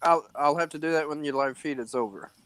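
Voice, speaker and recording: A man joining a casual live stream over a video call, speaking mildly and a little haltingly, teasing himself for being slow. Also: a little high, a bit bright, clean tone, no echo. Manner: mild, self-deprecating, a little halting. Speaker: co-host guest.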